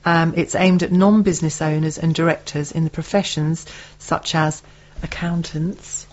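A woman's voice: deep voice, level tone, normal speed, a little mellow, highs cut off. A woman co-hosting a local radio show, reading event announcements and teasing her co-host.

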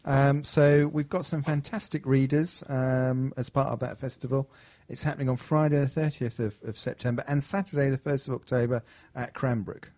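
A man's voice: medium pitch, fairly even intonation, normal speed, mellow, lo-fi sound. A man co-hosting a radio show, chatting casually about local events with filler words. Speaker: radio co-host.

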